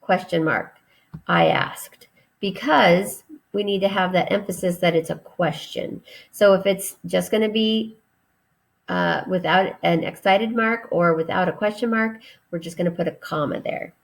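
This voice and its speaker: A woman teacher giving a recorded grammar lesson to children, patient and deliberate as she spells out each step. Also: on the low side, creaky.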